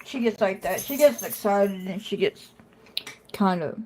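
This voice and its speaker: A chatty woman talks casually to viewers over a phone livestream from her home. She keeps breaking off to scold her dog, then goes back to chatting with the viewers. Her pitch sits in a middle range. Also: lively intonation, unhurried, heavy background noise. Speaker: puzzle live streamer.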